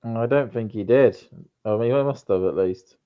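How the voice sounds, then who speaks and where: A man's voice: mid-range voice, normal speed, smooth. A man from Yorkshire with a Yorkshire accent, co-hosting a tennis watchalong in a thoughtful, easygoing way. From Yorkshire, England. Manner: thoughtful, laughs easily. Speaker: watchalong co-host. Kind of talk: casual live commentary chat. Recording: slightly dull lo-fi audio.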